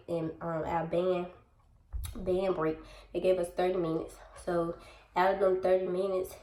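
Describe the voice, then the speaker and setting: Young woman vlogger, lowish voice, chatty storytime delivery straight to camera, roomy echoey room. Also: dark tone. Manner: chatty, addresses viewers directly, acts out dialogue. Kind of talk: casual storytime chat.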